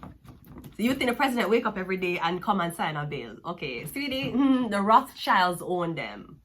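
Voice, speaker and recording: Bright, profane Jamaican woman reading tarot. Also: fairly low pitch, big pitch swings, moderate pace, slight background noise. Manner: profane, mocking and sassy, with frequent laughs. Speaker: tarot card reader.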